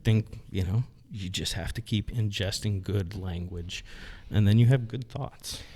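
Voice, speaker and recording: A man with a warm, mellow, fairly low voice chats casually on a podcast. He muses aloud and fills his sentences with "you know". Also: measured pace, breathy edge. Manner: musing, filler-heavy, says "you know" often.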